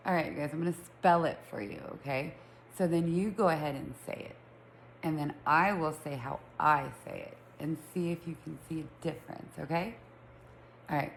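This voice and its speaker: A woman's voice: lowish voice, lively intonation, moderate pace, echoey room, a little hiss or hum, rough recording. Chatty Utah woman with a lisp. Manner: chatty, rambling, self-teasing. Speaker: vlogger. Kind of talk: casual chat to camera. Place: room at home with pets.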